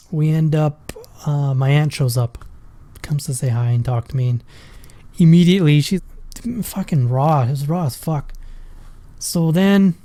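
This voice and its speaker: A man's voice: fairly high pitch, dark tone, dry recording. A man, a father, casually telling a personal story in a rambling, profane way. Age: adult with a school-age daughter. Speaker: vlogger.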